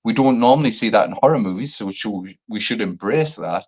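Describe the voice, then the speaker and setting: A man's voice: lowish voice, expressive, brisk, a little mellow, slightly rough, muffled recording. A man co-hosting a casual chat show, talking with passion, rambling and swearing freely. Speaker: podcast co-host.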